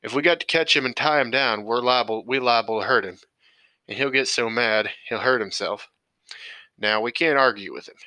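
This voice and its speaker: A man voicing a calm, practical young farmer son who speaks in level-headed, plain rural speech. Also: mid-range voice, normal speed, dry recording, close to an everyday voice, poor audio.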